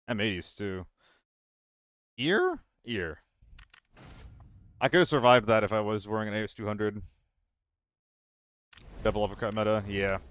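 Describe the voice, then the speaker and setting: A man giving casual commentary while streaming a game, rambling and answering chat, with hiccups and throat clearing. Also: fairly low pitch, fairly bright tone, no room sound, clean studio sound.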